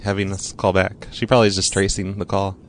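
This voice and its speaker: A man's voice: low-pitched, flat delivery, quick pace, a little hiss or hum. A man hosting a live call-in show, chatting casually with a dry, amused manner. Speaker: host.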